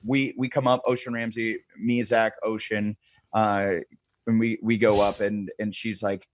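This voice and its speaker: Podcast guest, male, lively yarn-spinner who quotes people in their voices; dry, close sound. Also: lowish voice, a little slow, no room sound. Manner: animated storyteller, acts out quotes, swears freely, laughs often. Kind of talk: casual storytelling chat.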